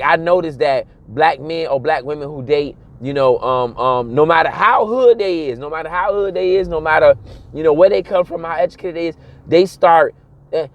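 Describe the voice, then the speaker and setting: A man, giving a casual, animated monologue and mimicking other people's voices along the way. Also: a little high, lo-fi sound. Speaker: commentator.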